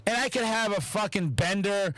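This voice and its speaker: A man's voice: high-pitched, normal speed, dry recording, poor audio. A man hosting a podcast, chatting casually with lots of swearing and acted-out quotes. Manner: animated, heavy swearing, acts out quotes. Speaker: podcast host.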